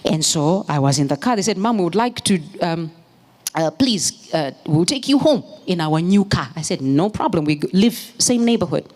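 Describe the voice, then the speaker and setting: A woman preaching a sermon in church, moving from storytelling into fervent, shouted exhortation. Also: fairly low pitch, lively intonation, normal speed. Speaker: pastor's wife preaching.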